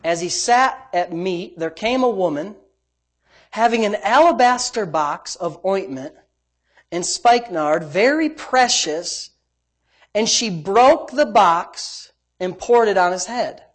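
Preaching slowly with lively intonation, this middle-aged man, a pastor with a high voice, gives an emphatic sermon that swings from hushed asides to loud outbursts.

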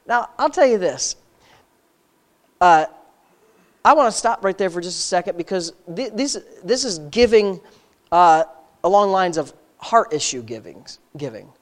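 A fervent preacher in full sermon mode, chatting with the congregation one moment and booming the next. The delivery is folksy, full of rhetorical questions, and leans hard on each point. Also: big pitch swings, unhurried, pauses often. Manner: impassioned, swings from quiet asides to loud emphatic peaks.

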